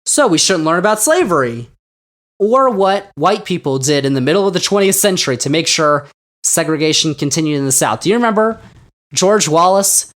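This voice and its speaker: A man's voice: a little high, lively intonation, a little fast, a bit bright. A man hosting a podcast who comments on the news in a casual, sarcastic way, with mocking asides. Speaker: podcast host.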